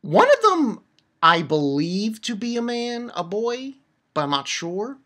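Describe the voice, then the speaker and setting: A woman giving an excited, rambling recap of a manga chapter, swearing freely and restarting her sentences. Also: fairly high pitch, unhurried. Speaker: manga reviewer.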